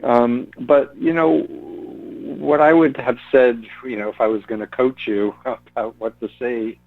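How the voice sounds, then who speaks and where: A man's voice: mid-range voice, fairly even intonation, measured pace, creaky, dry recording. A man, an author, answering interview questions in an earnest, explanatory way, often repeating a word while he searches for the next. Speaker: author and guest. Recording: tinny phone-line sound.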